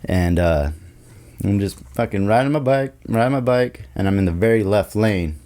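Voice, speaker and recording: Low-voiced man telling a profane story. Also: normal speed, warm tone. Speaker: podcast guest. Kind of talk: casual storytelling chat. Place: podcast studio. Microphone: studio podcast mic.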